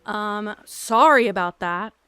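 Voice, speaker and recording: A woman's voice: medium pitch, takes it slowly, pushed and bright, smooth, no room sound, soft background music. A young woman streamer chatting casually, ranting and swearing while she eats. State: eating while talking. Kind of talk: casual live-stream chat.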